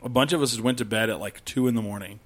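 A man's voice: mid-range voice, quick pace, a bit bright, slightly rough. A man chatting casually, rambling through camping stories, swearing freely and acting out rowdy campers. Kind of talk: casual chat.

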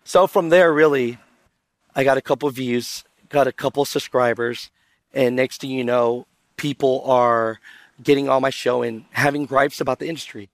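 A man on a conference panel, telling stories in a lively way, acting out other people's lines and quizzing the audience with questions. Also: medium pitch, normal speed, dry recording. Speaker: trucking video creator on a conference panel.

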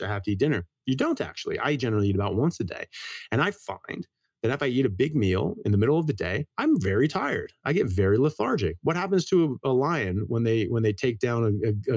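A man's voice: mid-range voice, darkish tone, dry recording, clean studio sound. An American man in a casual interview, explaining things earnestly as a doctor and telling stories about his family. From United States. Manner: brisk, earnest, tells anecdotes. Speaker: guest, medical doctor.

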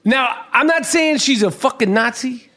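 New guy hosting a podcast, super high voice, cursing and yelling a lot. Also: lively intonation, normal speed. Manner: swears heavily and shouts in bursts. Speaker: podcast host. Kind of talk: profane, animated podcast rant.

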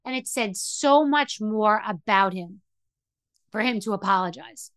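A woman's voice: medium pitch, a little slow, fairly bright tone, dry recording. A middle-aged woman hosting a podcast, telling a personal story in an emotional, rambling way with many restarts. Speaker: podcast host. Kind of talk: candid monologue.

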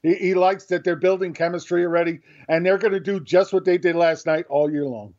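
Man, sports radio co-host, high voice, insistent, dull lo-fi sound. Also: steady tone, brisk, a little mellow. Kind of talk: casual sports radio banter.

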